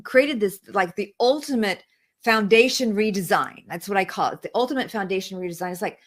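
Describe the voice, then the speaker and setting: An earnest woman guest on an interview show, telling a personal story with heartfelt conviction. Her voice sits at a medium pitch, and she often repeats a phrase to drive it home. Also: fairly quick. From outside the United States. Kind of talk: emotional personal testimony.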